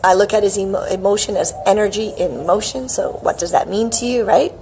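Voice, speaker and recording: A middle-aged woman hosting a casual live wellness stream, chirpy and animated, greeting viewers by name. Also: medium pitch, brisk, a little hiss or hum, rough recording. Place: outdoors with a palm tree behind. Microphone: hands-free phone camera.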